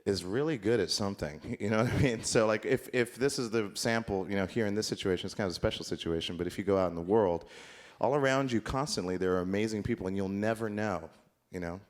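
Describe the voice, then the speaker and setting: A man's voice: fairly low pitch, fast talker, few pauses. A man performing an improvised comedic monologue on a conference stage, rambling in a mock-earnest, absurdist way.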